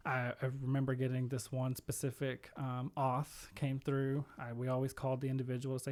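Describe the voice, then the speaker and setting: Male podcast guest, mid-pitched everyday voice, animated storyteller who acts out the voices he quotes. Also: a little fast, hardly any pauses. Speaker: podcast guest, home care executive. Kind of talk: conversational storytelling.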